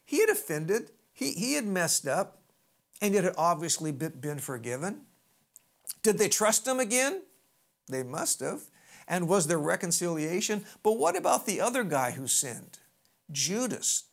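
Animated conversational preacher. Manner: animated storytelling with sidebars and big pitch swings; conversational, folksy asides. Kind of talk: sermon.

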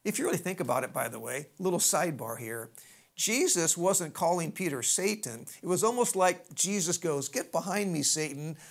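A preacher delivers a sermon as lively storytelling. The voice leaps up and drops low from phrase to phrase, and wanders off into folksy side remarks before coming back to the point. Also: moderate pace, gravelly. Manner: animated storytelling with sidebars and big pitch swings; conversational, folksy asides.

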